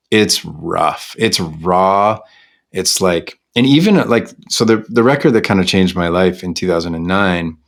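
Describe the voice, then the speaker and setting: A middle-aged man from Canada, a singer-songwriter talking candidly as an interview guest, reflective and self-deprecating with many restarts. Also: low-pitched.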